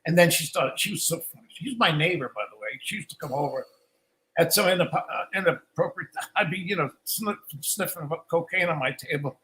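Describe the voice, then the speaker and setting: An older man tells stories in a loose, rambling way during a live Q&A, doubling back and restarting his sentences. His voice is high for a man and sharply bright. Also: brisk, slight background noise, poor audio. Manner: rambling, restarts often, acts out quoted lines. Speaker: guest musician. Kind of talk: casual storytelling in a live Q&A.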